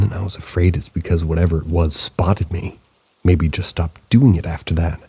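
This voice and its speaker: A man with a very low, gravelly voice reads true ghost encounters in a slow, hushed late-night way. His tone is dark and husky. Steady rain falls in the background. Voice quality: very deep gravelly voice. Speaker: narrator reading submitted stories. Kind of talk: scripted narration of stories. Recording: rain sounds behind the voice.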